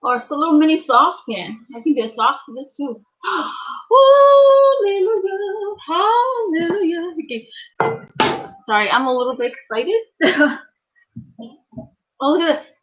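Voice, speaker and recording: A middle-aged woman vlogging an excited unboxing in her home kitchen, gushing and exclaiming often. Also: sits high, normal speed, long pauses, poor audio.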